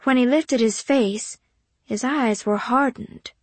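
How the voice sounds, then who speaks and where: A woman's voice: on the high side, takes it slowly, breathy edge, no echo. Woman narrating a poised audiobook. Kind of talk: first-person audiobook narration.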